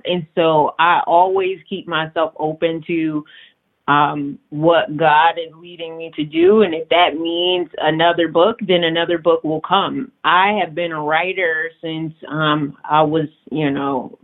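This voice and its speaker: A woman talking as a guest author in a casual interview, chatty, quick to laugh and full of fillers. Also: low voice. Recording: tinny phone-like line.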